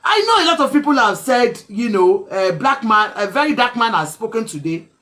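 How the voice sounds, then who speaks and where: A woman with a Nigerian accent giving emotional video commentary, pleading and at times shouting. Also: on the high side, sing-song, normal speed. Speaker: online commentator.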